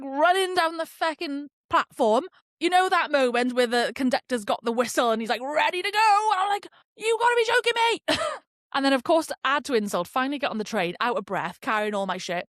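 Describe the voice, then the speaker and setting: A young woman hosting a podcast tells a story as a casual ranting monologue, swearing freely. Her voice is fairly high and a bit bright, in a dry, studio-quality recording.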